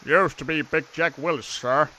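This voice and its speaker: A man's voice: mid-range voice, a little fast, sharp tone, low-quality recording. A man voicing an aging male groundskeeper with a bad back, respectful and dry.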